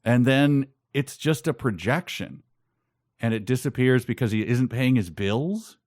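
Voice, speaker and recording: A man co-hosting a casual book-discussion podcast, delivering wry, sarcastic comments in a dry, deadpan way. His pitch is medium for a man, and the sound is close and dry with no room echo. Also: a little slow. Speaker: podcast co-host.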